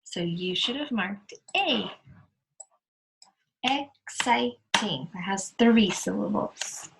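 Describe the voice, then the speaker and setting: Sharing her screen during a recorded lesson, a woman teacher patiently and slowly goes through her students' worksheet answers step by step. Her mid-range voice is gravelly with lively intonation, and the rough recording has slight background noise.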